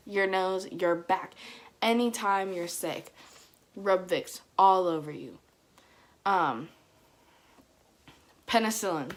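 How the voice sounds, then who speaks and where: A young woman with a Dominican family background, telling comic stories to camera in a casual vlog, mimicking her mother's scolding and getting loud at the punchlines. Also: medium pitch. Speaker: vlogger. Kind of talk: casual comedic storytelling to camera.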